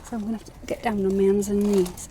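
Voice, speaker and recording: A woman's voice: mid-range voice, little pitch movement, fast talker, mellow. A woman chatting casually to her phone camera as she goes about her allotment and home, talking fondly to her chickens and pets. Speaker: allotment vlogger. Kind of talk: casual vlog chat. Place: outdoors at an allotment and around home. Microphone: phone held in hand. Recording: noisy outdoor phone recording.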